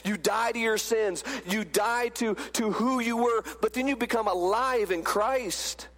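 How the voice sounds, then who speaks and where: A man's voice: high-pitched, unhurried, fairly bright tone, in a large hall. A man preaching a sermon as pastor, emphatic and full of rhetorical questions.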